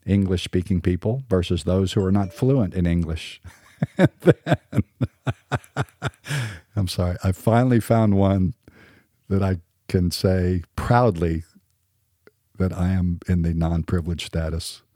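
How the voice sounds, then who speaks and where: A man's voice: low-pitched, steady tone, measured pace, warm tone, no echo, studio quality. A middle-aged man from the American South with a mostly standard American accent, hosting a podcast in a scripted monologue with wry, sarcastic asides. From Southern United States. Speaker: podcast host.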